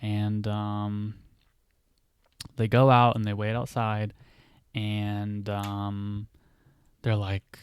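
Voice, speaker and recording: A man hosting a podcast who casually talks through a story, rambling and leaning on fillers like "like" and "you know." His voice is smooth and clear, and his pace is slow. The mic is close and the room sounds dry. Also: fairly low pitch, monotone, dry recording. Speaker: podcast host. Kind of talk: casual storytelling of a book idea.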